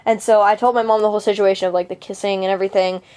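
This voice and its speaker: A woman's voice: medium pitch, flat delivery, racing, a little mellow, smooth. A teenage girl venting a personal story to camera, indignant and swearing freely, with lots of fillers and restarts. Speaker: vlogger.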